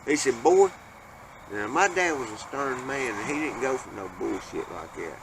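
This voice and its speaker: A man telling a family ghost story in a folksy, profane, animated way. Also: mid-range voice, normal speed, creaky. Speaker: panel storyteller. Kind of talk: casual storytelling. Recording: noisy background hiss.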